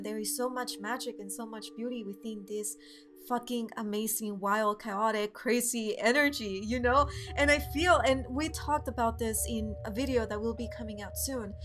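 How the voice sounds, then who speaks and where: A young woman with a fairly high voice speaks with passion and emphasis in a casual spiritual conversation. Faint music plays behind her. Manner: impassioned, emphatic, builds to emotion. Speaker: co-host.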